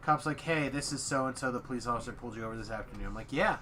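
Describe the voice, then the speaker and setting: Man, bright voice, casual chat, animated storytelling with quoted voices, faint background noise. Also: medium pitch, racing. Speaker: streamer telling a story.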